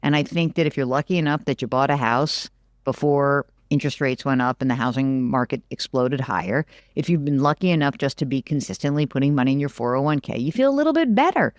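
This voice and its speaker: Animated woman explaining markets, dry sound. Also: a bass voice, quick pace, no room sound. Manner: animated, emphatic, repeats for emphasis. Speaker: business analyst guest. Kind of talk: conversational interview.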